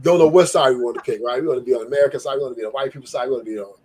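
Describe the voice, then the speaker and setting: A man's voice: medium pitch, rapid-fire, a little mellow. A man on a live stream arguing heatedly, profane and combative, often repeating himself.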